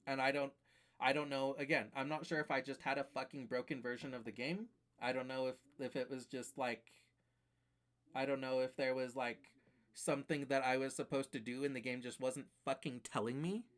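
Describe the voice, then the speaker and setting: A man's voice: medium pitch, level tone, brisk, fairly bright tone. Guy streaming and ranting about games, swears a ton, lots of likes and ums. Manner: profane, rambling, exasperated ranting. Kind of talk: casual live-stream chat.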